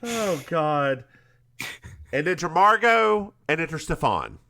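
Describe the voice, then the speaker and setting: A man co-hosts a casual podcast recap, his voice bright and forward. He tells the story animatedly, with pitch swinging widely as he slips into characters' lines. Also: big pitch swings, takes it slowly. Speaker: podcast co-host.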